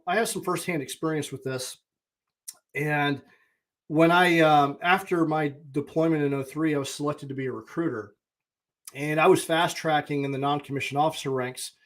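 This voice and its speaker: Host, male, 40s, a touch higher-pitched, candid and blunt, reflective solo monologue. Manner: candid and plainspoken, with blunt mild swearing. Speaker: podcast host and high performance coach.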